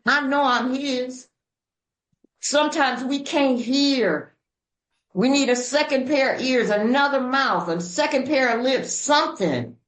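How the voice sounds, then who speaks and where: A woman from Georgia, co-hosting a recovery podcast, shares her story in a folksy, emphatic and animated way. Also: sits high, roomy sound, rough recording. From Georgia, USA. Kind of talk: heartfelt conversational sharing.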